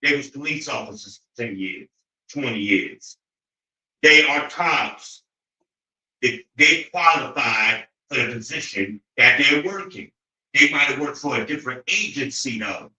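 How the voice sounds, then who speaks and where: Sharp-voiced man preaching a profane rant. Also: mid-range voice, expressive, unhurried. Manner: preachy, profane and emphatic, rising into loud incredulous rants. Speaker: show host. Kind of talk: opinionated monologue. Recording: roomy echo.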